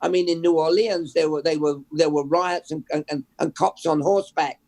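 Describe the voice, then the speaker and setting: An older man from England, a journalist guest, telling stories in a lively, conversational way with many restarts. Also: fairly high pitch, fairly quick. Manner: storytelling, animated, restarts with repeated words. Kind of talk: conversational interview.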